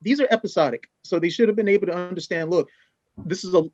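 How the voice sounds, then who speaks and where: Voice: medium pitch, fast, a little mellow, no room sound. An opinionated co-host lays out emphatic arguments in a casual review conversation. The recording is dry and a little dull, with no room sound. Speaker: podcast co-host.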